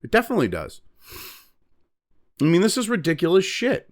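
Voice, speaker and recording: A man's voice: high-pitched, wildly swooping pitch, brisk. A man from New Hampshire hosting a profane political commentary show, ranting with heavy swearing and lots of fillers. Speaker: host.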